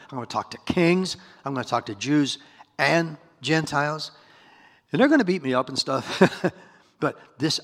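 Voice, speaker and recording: A man preaching a sermon, reading scripture aloud and breaking in with lively asides. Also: medium pitch, vocal fry. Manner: animated, reads verses then breaks in with asides and laughs. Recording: hall reverb.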